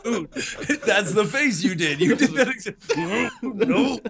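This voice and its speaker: Young guy guest, high animated voice, swears, noisy crowd behind. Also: takes it slowly, gravelly. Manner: excitable, swearing, laughing. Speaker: podcast guest. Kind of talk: casual podcast banter.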